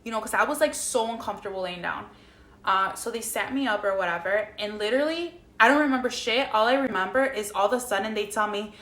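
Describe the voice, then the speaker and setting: A young woman tells her story straight to camera in a loose, chatty way. She acts out every exchange with "like" and swears freely. Her voice is bright and sharp, and it echoes around the room. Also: medium pitch, fast. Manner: animated, swears freely, acts out dialogue with many "like"s. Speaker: vlogger. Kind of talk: casual storytelling vlog.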